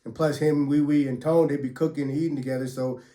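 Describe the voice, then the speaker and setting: A man's voice: medium pitch, steady tone, fast, dark tone. A man casually telling a story from his prison years, full of profanity and street slang, acting out the blows as he goes. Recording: echoey room.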